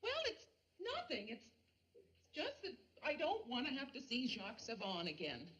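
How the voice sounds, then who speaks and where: An actress playing a flustered young wife who hesitates and stammers over a secret. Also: female voice, fairly high pitch, wildly swooping pitch, moderate pace, fairly bright tone, muffled recording. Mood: evasive.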